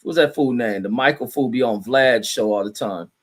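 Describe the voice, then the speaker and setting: A man's voice: medium pitch, fairly quick. A middle-aged man hosting a casual livestream, rambling loosely and profanely while he reads viewer comments aloud and reacts to them. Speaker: livestream host reading chat.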